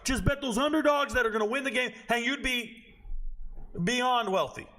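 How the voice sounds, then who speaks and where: A man's voice: extremely high pitch, moderate pace, pushed and bright. A man hosting a sports betting vlog, ranting in a brash, boastful, scolding way. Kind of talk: betting picks vlog rant.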